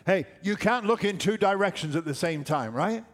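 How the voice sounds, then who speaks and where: An older man preaches with a high, bright voice. He leans into his points and repeats phrases for emphasis. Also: lively intonation, moderate pace. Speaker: pastor. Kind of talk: sermon.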